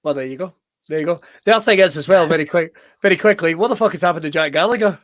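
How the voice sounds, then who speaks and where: A man hosts a wrestling chat show in a high-pitched voice, excitable and quick to swear. His jokes tumble out on a dry, close recording with no room around him. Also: no room sound. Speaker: show host.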